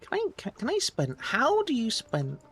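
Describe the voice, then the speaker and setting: A bubbly young woman with a British accent chats and giggles through a live game stream, her voice bouncing all over the place. Her pitch sits a little high, and she slips easily into reading the characters' lines aloud. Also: huge pitch swings, moderate pace, slightly rough, soft background music.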